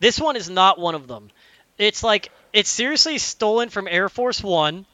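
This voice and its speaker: Young guy, high bright voice, swearing and ranting about a game plot, dry close sound. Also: normal speed, dry recording. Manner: animated, profane ranting with lots of fillers. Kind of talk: casual chat, retelling a video game story.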